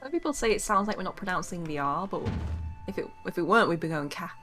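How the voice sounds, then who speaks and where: A woman's voice: fairly low pitch, animated, quick pace, bright, forceful tone, soft background music. A woman chatting casually and laughing on a friends' game stream. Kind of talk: casual chat.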